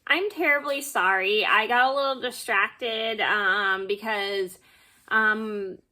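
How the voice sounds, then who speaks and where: A woman's voice: medium pitch, takes it slowly, pushed and bright. A young woman telling a rambling, repetitive work story as a casual storytime vlog at home, padding it with "blah, blah.".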